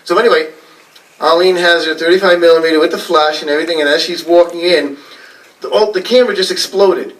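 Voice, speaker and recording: A man's voice: a little high, fairly even intonation, fast, fairly bright tone. A man with a New England accent giving a casual, rambling storytelling talk to a library audience, with many fillers. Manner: rambling, chatty, with frequent fillers and laughs. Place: library meeting room. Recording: voice a little far from the mic.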